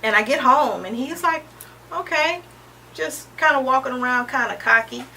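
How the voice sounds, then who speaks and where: A woman in her thirties, an interview guest sharing a personal testimony in a halting, earnest way, often pausing with "um" and restarting. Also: high-pitched, creaky, sharp tone. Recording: distant mic with faint background noise.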